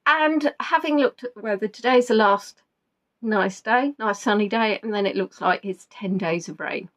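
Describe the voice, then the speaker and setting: A woman's voice: medium pitch, normal speed. A woman hosting a live quiz, chatting casually and rambling with self-deprecating asides. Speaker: quiz host. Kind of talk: casual live-stream chat.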